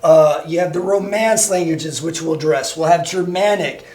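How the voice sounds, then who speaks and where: At a moderate pace, a high-voiced man with a Midwestern American accent and a darkish tone walks a class through his slides. He sounds like a high school teacher recording a lecture, loose and casual, with lots of fillers and restarts.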